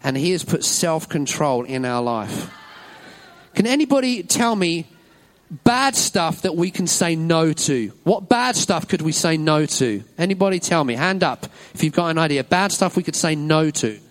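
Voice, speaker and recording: A man's voice: fairly high pitch, animated, moderate pace. A man leading a children's talk in a church service, upbeat and encouraging, praising every answer. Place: church hall with an audience.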